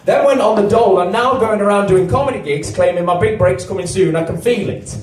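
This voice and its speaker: A man in his twenties from England doing a stand-up comedy set, deadpan and self-deprecating, with big jumps in pitch on his punchlines. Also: a little fast, noisy background. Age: 20s. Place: comedy venue with a live audience. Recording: echoey venue, mic at a distance. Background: audience laughter.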